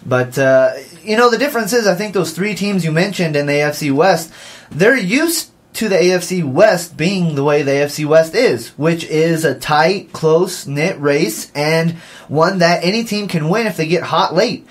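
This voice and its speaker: High-voiced, energetic young sports radio host. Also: male voice, normal speed. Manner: energetic, laughs often. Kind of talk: college sports radio talk. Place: small campus radio office.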